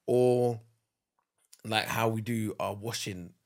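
A man with a fairly low voice, co-hosting a relaxed podcast chat with his partner. He talks things through in an easygoing, conversational way and leans on small household examples. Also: fairly quick. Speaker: podcast co-host. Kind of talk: casual couple's chat.

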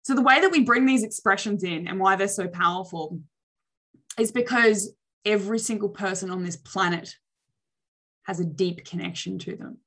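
A young adult woman coaches on social skills in a lively motivational talk, acting out reactions with exaggerated expressions. Her voice is mid-range and her pace moderate.

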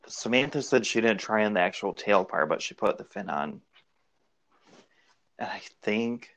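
A man's voice: on the low side, creaky. A man hosting a podcast, chatting casually and rambling through shared memories. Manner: relaxed, rambling, recalls memories aloud. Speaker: podcast host. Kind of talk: casual chat.

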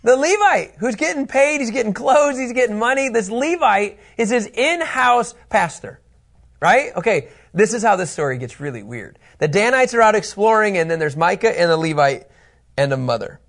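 A man's voice: high-pitched, moderate pace, vocal fry. A middle-aged man teaching a Bible study lesson in a conversational, joking way. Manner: conversational, animated, jokey.

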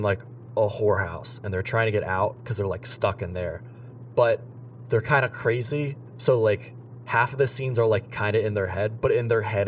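A man's voice: on the low side, distant mic, a little hiss or hum. A young man co-hosting a casual podcast chat, rambling and filling his talk with "like". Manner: rambling, heavy use of "like". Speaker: podcast co-host.

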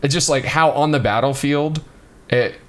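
A man bantering and joking on a podcast, laughing often and reacting with quick asides. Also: on the high side, a bit bright. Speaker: podcast co-host. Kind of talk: casual banter.

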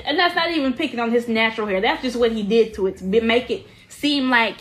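A young woman co-hosts a casual podcast. She tells stories in a fairly high voice and laughs through them as she teases. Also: fast talker, a bit bright. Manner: laughing, storytelling, teasing. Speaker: podcast co-host.

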